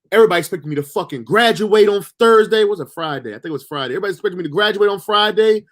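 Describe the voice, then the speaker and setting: A man with a somewhat high voice tells a story from his own life. He is emotional and near tears. He halts and restarts often. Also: expressive, fairly bright tone. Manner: halting, full of fillers and restarts. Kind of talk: personal storytelling monologue.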